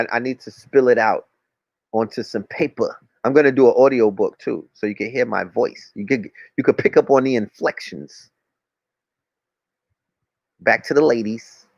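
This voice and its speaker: A man's voice: a little high, dry recording. A man, talking as a podcast guest in a rambling, casual way, full of street slang and cursing. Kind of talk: casual chat. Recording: dull, dry lo-fi recording.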